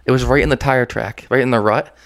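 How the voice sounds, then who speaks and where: A quick-talking man telling a rambling story in relaxed, profane podcast banter. He speaks at an ordinary pitch and keeps up a fast pace. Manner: loose storytelling, heavy swearing. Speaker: podcast co-host. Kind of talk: casual chat. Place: house with windows open.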